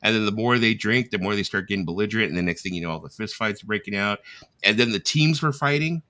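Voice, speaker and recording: A middle-aged man hosting a casual live chat, telling animated stories, reading viewer comments aloud and laughing at his own jokes. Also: fairly low pitch, quick pace, no room sound. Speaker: host of a live chat stream.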